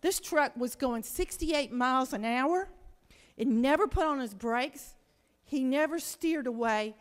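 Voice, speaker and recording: A woman's voice: high-pitched, a little slow. A woman state senator gives an impassioned floor speech, pleading and asking rhetorical questions. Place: large legislative chamber. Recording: long reverb of a large chamber.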